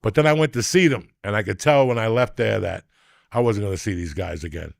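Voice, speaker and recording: Gravelly older man, profane storyteller. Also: on the low side, brisk, dry recording, studio quality. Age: 60s. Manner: profane, rambling, teasing storyteller. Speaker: podcast host. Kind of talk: casual chat and storytelling.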